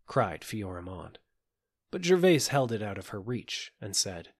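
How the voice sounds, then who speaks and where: Husky-voiced man reading a fairy tale. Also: on the low side, very animated. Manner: measured, gentle storytelling. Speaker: audiobook reader.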